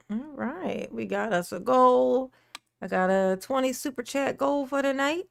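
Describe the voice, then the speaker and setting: A woman's voice: fairly high pitch, lively intonation, a little slow, vocal fry, fairly bright tone, no room sound. A woman hosting a casual livestream, chatting and laughing, greeting viewers by name. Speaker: livestream host.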